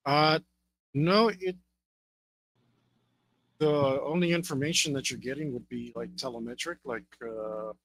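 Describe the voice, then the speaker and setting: A man running a tabletop role-playing game, describing scenes in a loose, unhurried way with many fillers. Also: medium pitch, vocal fry, a bit bright, rough recording. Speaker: game master.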